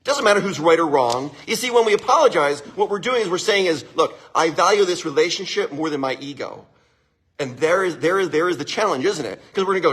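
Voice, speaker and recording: Animated husky-voiced man giving advice. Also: on the high side, fast talker. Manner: animated, frequent chuckles, keeps checking in with listeners. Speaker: livestream host giving marriage advice. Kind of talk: casual advice talk to a live audience.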